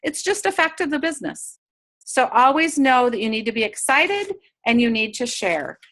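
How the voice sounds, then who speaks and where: A woman with a high, bright voice leads a sales training session over a video call. She coaches in an upbeat way and slips into quick sample chats with customers. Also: sing-song. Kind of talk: training talk to direct sellers.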